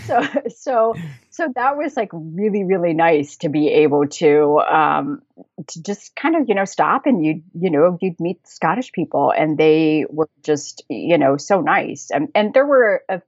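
A chatty American woman in a relaxed interview, her voice sitting a little low. She recounts her travels freely, laughing between phrases and circling back with plenty of fillers. The sound is close and dry, with a slightly dull, lo-fi tone. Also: a little slow, no echo. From United States. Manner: chatty, laughs often, many fillers and restarts. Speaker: guest, travel blogger. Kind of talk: casual conversational storytelling.

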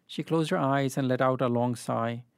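A man giving a literary fiction reading in a measured, even way. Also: mid-range voice, vocal fry, clear, resonant tone, no echo, studio quality. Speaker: reader.

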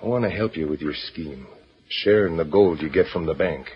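A man's voice: sits low, moderate pace, slight background noise, natural voice. An actor playing a shifty male telegrapher who wheedles for a share of stolen gold, on a dull 1940s radio broadcast. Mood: scheming. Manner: wheedling persuasion.

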